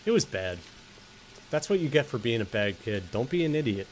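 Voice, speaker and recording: A man's voice: medium pitch, big pitch swings, moderate pace, a little hiss or hum. A young man commentating on a video game, joking, swearing and talking to the characters on screen. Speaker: gaming streamer.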